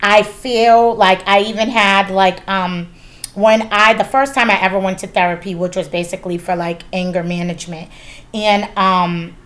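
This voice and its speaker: A woman's voice: medium pitch, fairly even intonation, normal speed, a bit bright. A woman in her thirties hosting a casual chat, candid and swearing freely, with lots of fillers. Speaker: podcast host.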